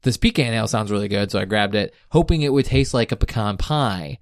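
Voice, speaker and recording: A man co-hosting a gaming podcast in casual chat, laid-back and quick to laugh, often trailing off. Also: on the low side, dry recording, studio quality. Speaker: podcast co-host.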